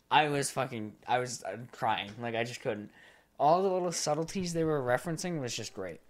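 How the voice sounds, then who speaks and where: A man co-hosting a podcast in casual chat, animated and profane, retelling stories with bursts of laughter. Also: mid-range voice, normal speed. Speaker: podcast co-host.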